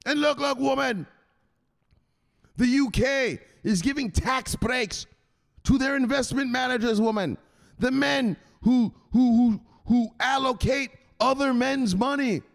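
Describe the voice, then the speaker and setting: A man voicing a boastful male crypto investor who loudly and dismissively lectures his mother. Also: very high voice, unhurried, creaky, pitched above the performer's own voice, full character voice. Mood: boastful, insistent. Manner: loud, insistent, dismissive.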